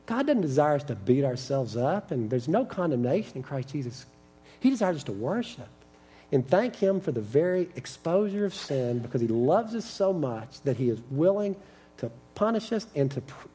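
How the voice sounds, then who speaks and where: Middle-aged male preacher, earnest and animated, husky and mellow in tone, acting out stories mid-sermon. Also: mid-range voice. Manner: earnest, animated storytelling with quoted dialogue. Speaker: preacher teaching on repentance.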